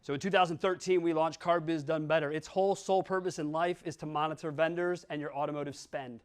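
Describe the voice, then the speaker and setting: Clear and resonant, his fairly high voice holds a steady tone even though he talks fast. The man, from Wisconsin, gives a blunt keynote in a conference hall, joking with the audience and swearing now and then.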